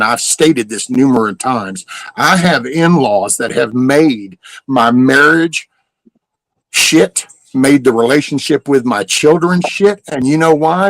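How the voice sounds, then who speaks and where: A man's voice: medium pitch, fairly bright tone, no room sound, rough recording. A middle-aged man, ranting casually and profanely as host of a live stream. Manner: profane, heated storytelling.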